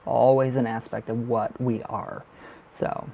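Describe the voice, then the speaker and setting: A man's voice: mid-range voice, fairly even intonation, measured pace, gravelly, dark tone. A man giving live tarot readings on a stream, chatty and reassuring, full of fillers and emotion. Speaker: tarot reader.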